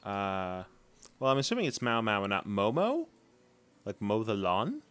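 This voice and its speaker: Man, low voice, casual stream chatter, hums while gaming. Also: big pitch swings, measured pace, fairly bright tone, smooth. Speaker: streamer playing a game. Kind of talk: casual live-stream chat.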